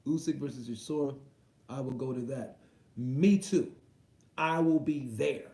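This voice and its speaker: A man's voice: mid-range voice, a little slow, warm tone, echoey room. A man hosting a boxing livestream, reading viewer comments aloud and reacting in loose, slangy, profane casual chat.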